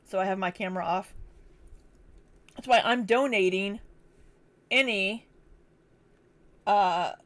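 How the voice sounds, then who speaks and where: A woman's voice: mid-range voice, slow, long pauses, fairly bright tone. A tired woman hosting a livestream, rambling and self-deprecating, hiccuping after hours of streaming. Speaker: livestream host. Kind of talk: casual livestream chat.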